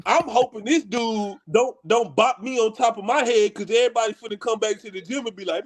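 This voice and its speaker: A man from Houston telling a story in casual talk with friends, animated and slangy, laughing as he goes. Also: sits high, brisk, hardly any pauses. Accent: Houston, Texas. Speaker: podcast co-host.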